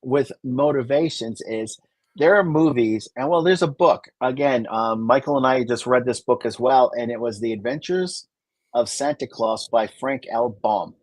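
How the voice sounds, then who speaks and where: Husky-voiced man, chatty and explanatory. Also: mid-range voice, moderate pace, dry recording. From Great Lakes region of the US. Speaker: Santa performer and podcast co-host. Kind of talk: casual conversational chat.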